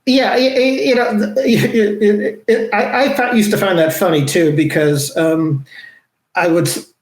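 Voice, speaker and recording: A man with a somewhat high voice talks in a loose, halting way, stopping and restarting his thoughts with lots of fillers. He sounds like a podcast guest in a casual chat. His voice rings in an echoey room. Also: fairly even intonation. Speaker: podcast guest, former business reporter.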